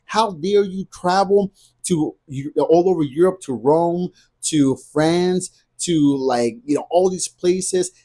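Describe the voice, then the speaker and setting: An envious local spits out his indignation, as a husky-voiced man mocks him. The tone is sneering and resentful, delivered with a mellow, slightly high voice. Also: slow. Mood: indignant.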